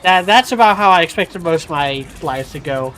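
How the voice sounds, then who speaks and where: Halting, low-pitched woman streamer. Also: animated, a bit bright, slight background noise. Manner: rambling, halting restarts. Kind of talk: casual gameplay commentary. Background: game music.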